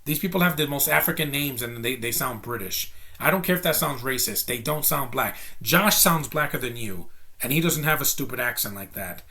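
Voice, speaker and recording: A man's voice: mid-range voice, animated, brisk, bright, forceful tone. A man giving a casual spoken film review. He rants bluntly and rambles through his opinions. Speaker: movie reviewer.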